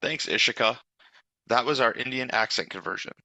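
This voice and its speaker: A man's voice: mid-range voice, normal speed, vocal fry, bright, forceful tone, no echo, rough recording. A man hosting a scripted product demo, speaking as a polished and upbeat presenter. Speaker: demo host.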